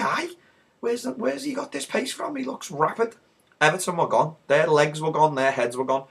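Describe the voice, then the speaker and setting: A hoarse man with a Liverpool accent, recapping a football match in a rowdy, swearing storytelling way. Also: mid-range voice, a bit bright. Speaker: football fan vlogger.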